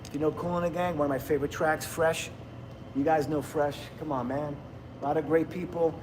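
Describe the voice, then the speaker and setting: A man's voice: a little high, steady tone, brisk, darkish tone, a little hiss or hum. A man, rambling bluntly and laughing often in casual livestream chat with viewers. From New Jersey, USA. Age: 50s. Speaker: livestream host.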